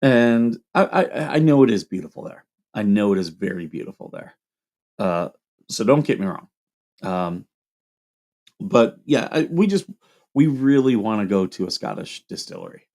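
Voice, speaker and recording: A man's voice: lowish voice, very animated, normal speed, gravelly, a little mellow. A man from Ohio with a Midwestern accent, hosting a casual livestream and chatting with viewers. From Toledo, Ohio. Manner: rambling, chatty, reacts to chat comments. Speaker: livestream host.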